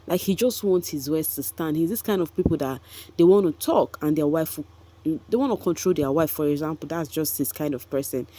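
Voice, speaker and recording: A woman's voice: low voice, brisk, dark tone. A woman, gossiping chattily about a reality show for her vlog viewers, with frequent asides to them. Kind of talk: casual commentary vlog.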